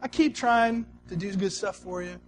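A man's voice: high-pitched, normal speed, natural voice. A man preaching a sermon who voices God as a blunt, exasperated figure scolding a couple.

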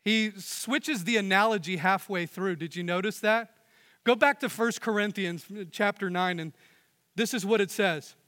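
A young adult man preaching a sermon in earnest, pushing up for emphasis and dropping to hushed tones. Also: high-pitched, moderate pace. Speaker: pastor. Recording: long hall reverb.

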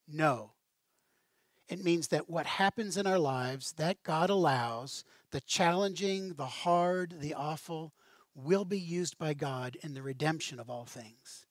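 A man preaching a sermon in a conversational way. He speaks with animation and casual asides, in a fairly high voice. The sound is dry and close. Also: no echo. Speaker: pastor.

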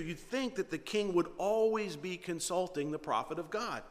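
A man preaching a sermon, telling a story with animated energy and many rhetorical questions. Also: high voice, normal speed, in a large hall. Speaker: pastor.

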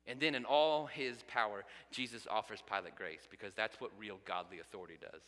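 A man preaching a sermon as a pastor, animated and speaking directly to his congregation. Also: lowish voice, a little fast, hardly any pauses, in a large hall.

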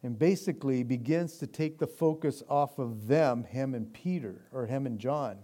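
A man preaching a sermon in a casual, animated way, often repeating himself as he restarts sentences and laughing along. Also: medium pitch, moderate pace. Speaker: pastor.

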